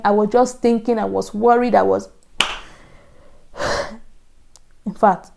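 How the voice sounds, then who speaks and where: Nigerian woman telling her story, mellow voice. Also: mid-range voice, fairly even intonation, slow pace, vocal fry, pauses often. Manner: earnest storytelling, acts out her own past thoughts in soft asides. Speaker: vlogger. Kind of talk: casual storytelling to camera.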